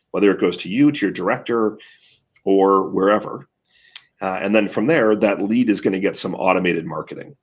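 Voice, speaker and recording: Low gravelly guy explaining stuff like a coach, husky, muffled lo-fi sound. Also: moderate pace. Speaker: marketing guest expert. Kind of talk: video call interview. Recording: dull lo-fi audio.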